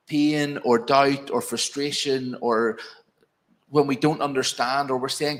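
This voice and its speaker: A man's voice: medium pitch, fairly even intonation, measured pace. A man with a Northern Irish accent preaching an evening sermon in a church, earnest and pastoral, speaking directly to the congregation.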